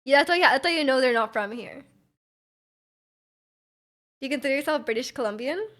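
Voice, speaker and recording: A young woman chatting casually on a live stream, her voice sitting a little high. She rambles loosely, fills her talk with "like" and giggles between thoughts. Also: expressive, brisk, fairly bright tone. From Vancouver, Canada. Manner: rambling, filler-heavy with frequent "like", giggly. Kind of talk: casual chat, reading out chat.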